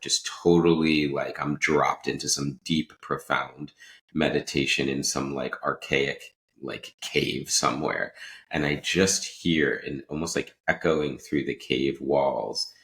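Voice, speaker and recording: A man's voice: a bass voice, fairly bright tone. A man hosting a podcast, telling a personal story in a rambling, casual way, often breaking off mid-sentence and laughing. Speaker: podcast host.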